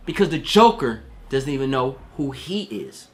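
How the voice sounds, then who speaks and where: A man's voice: fairly high pitch, expressive, moderate pace, hardly any pauses, a bit bright. A man giving a casual spoiler movie review, slangy and profane, acting out quoted voices.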